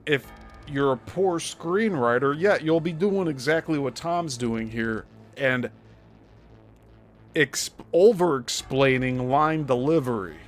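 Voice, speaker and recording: A man's voice: medium pitch, takes it slowly, faint music behind. A male host giving critical commentary on a played clip, explaining his points step by step.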